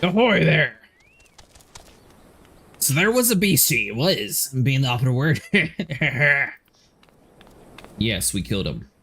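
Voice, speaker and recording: A man's voice: mid-range voice, sing-song, slow pace, pauses often, bright, forceful tone, husky, soft background music. A man live-streaming a game, chatting and joking with his viewers and a co-player. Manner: chatty, jokey, talks to chat and co-players, laughs often. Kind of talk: live gameplay stream chat.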